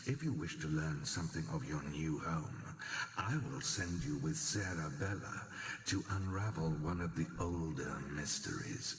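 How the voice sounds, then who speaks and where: A man voicing a stately, commanding male game character with a measured, formal delivery. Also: a bass voice, expressive, noisy background, full character voice. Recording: roomy game audio with long reverb.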